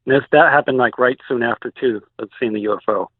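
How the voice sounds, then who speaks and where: A man's voice: medium pitch, fast, dry recording. A man, a guest on an interview show, telling his story in a casual, rambling way with many "likes" and restarts. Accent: Pacific Northwest American. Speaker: guest recounting a sighting. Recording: dry tinny phone line.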